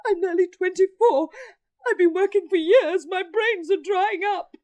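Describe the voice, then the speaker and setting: A woman's voice: very high voice, unhurried, darkish tone. An actress in a vintage radio play voicing a weary, despairing young woman in her twenties who talks tearfully and keeps breaking into sobs. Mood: bitter. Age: 20s.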